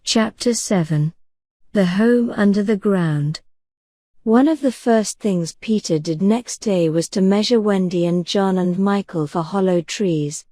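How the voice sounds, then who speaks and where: A woman reads a bedtime audiobook in a gentle, unhurried, soothing manner. Her voice is mellow and dark rather than bright, sitting at a middle pitch. The recording is close and dry, with no room echo. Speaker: audiobook narrator. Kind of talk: soft bedtime story narration.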